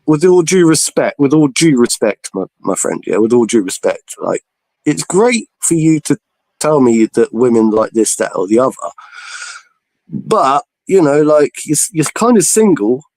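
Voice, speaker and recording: A man's voice: sing-song, normal speed, a little mellow, no echo, poor audio. A man on a casual podcast panel, telling long rambling stories full of restarts. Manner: rambling storyteller, full of restarts, jumps high when imitating others.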